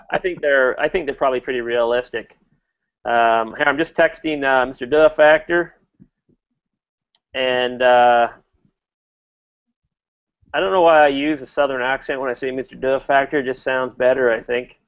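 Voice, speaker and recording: A man's voice: mid-range voice, normal speed, pauses often, a bit bright, dull audio. A man hosting a casual motorcycle chat, talking in a rambling way with lots of fillers and restarts.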